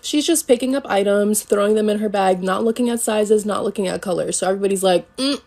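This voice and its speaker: A young woman who works in retail, telling stories in a sassy, animated way, acting out the people she quotes and cursing freely. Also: medium pitch, fast. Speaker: retail worker. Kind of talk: casual storytime monologue.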